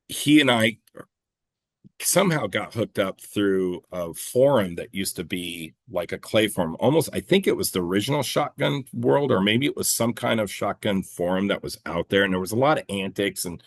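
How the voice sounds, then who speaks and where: A man's voice: on the low side, a bit bright, dry recording. A man in a casual interview, telling stories in a rambling, self-correcting way, swearing freely and laughing at himself. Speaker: clay shooting competitor and coach, guest.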